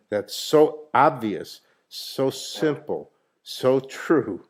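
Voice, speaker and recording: A man's voice: on the low side, a little mellow. A man as spiritual teacher, leading a satsang and quizzing his listeners in a playful, probing, emphatic way.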